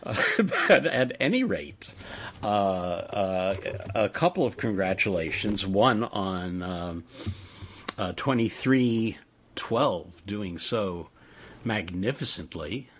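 A middle-aged man hosting a radio interview, talking in a rambling, halting way with many fillers. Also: on the low side, lively intonation, a bit bright, breathy edge. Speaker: radio host.

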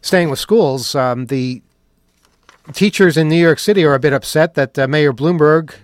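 A sarcastic male talk-show host with a fairly high voice and a dry, close recording. He fires off mock questions in a biting riff, then shifts to earnest commentary. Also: normal speed, no room sound. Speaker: podcast host. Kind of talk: opinionated talk show monologue.

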